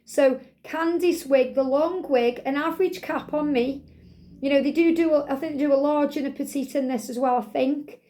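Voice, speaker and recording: A woman's voice: high voice, moderate pace, mellow. A middle-aged woman, giving a chatty, rambling, gushing product review as a vlogger. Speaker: wig vlogger.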